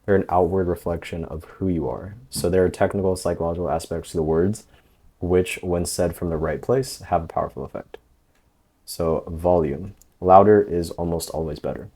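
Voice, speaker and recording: A man coaching in a casual instructional voice-over, relaxed and loose, with lots of fillers. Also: deep voice, moderate pace, slightly rough. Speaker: dating coach.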